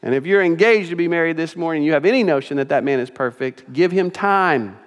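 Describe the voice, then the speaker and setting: Pastor guy preaching, kinda high voice, goes big then drops way soft, church echo all around. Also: brisk. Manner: swings from loud emphatic points to soft hushed asides, repeats phrases. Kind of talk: sermon. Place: church sanctuary. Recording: church sanctuary with long reverb.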